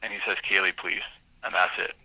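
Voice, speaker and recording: A man's voice: sits low, flat delivery, fairly quick, sharp tone, no echo, low-quality recording. A man, a police lieutenant, being interviewed and reading messages aloud, emotional and hesitant.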